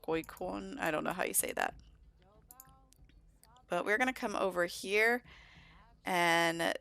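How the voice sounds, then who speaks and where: Low, gravelly woman narrating a life-sim game. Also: pushed and bright, no echo. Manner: chatty, voices sims' conversations in quick asides. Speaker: let's play narrator. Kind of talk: casual gameplay commentary with voiced character dialogue.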